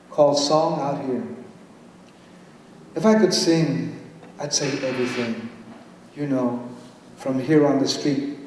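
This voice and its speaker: A man's voice: mid-range voice, fairly even intonation, slow, pauses often, a little mellow, slight background noise. A man poet giving a playful live reading that switches between English and Spanish. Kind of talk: live poetry reading with banter. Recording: echoey hall from far off.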